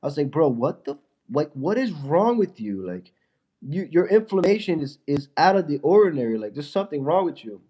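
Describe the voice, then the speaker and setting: A man's voice: on the high side, very animated, brisk, warm tone. A young man on a casual livestream with a stuffy nose from a fever, mocking and trash-talking a viewer in his chat.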